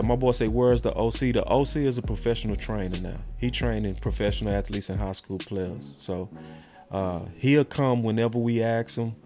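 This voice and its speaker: A sports podcast host with a lowish, slightly mellow voice talks in a heated, slangy way, fired up and repeating himself in casual sports banter.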